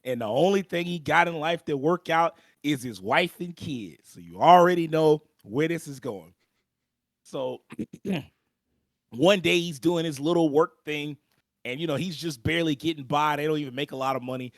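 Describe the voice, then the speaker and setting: A young man co-hosting a podcast, recapping an anime plot in a slangy, animated storytelling manner and clearing his throat often. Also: on the high side, normal speed, no echo, studio quality. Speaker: podcast co-host. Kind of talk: casual anime recap chat.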